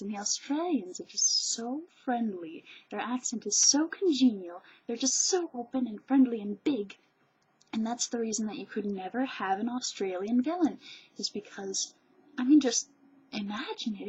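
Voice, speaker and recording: Woman vlogger, slow and husky, gushy rambling chat, dull lo-fi webcam sound. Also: mid-range voice, fairly bright tone. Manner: gushing, chatty, digressive. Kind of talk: rambling casual monologue.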